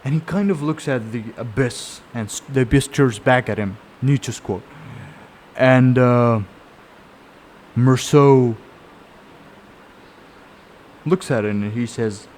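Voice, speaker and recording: A book reviewer with a medium-pitched, slightly slow, darkish voice gives a casual spoken summary of a novel. He reflects on it in loose, rambling storytelling, full of fillers and restarts.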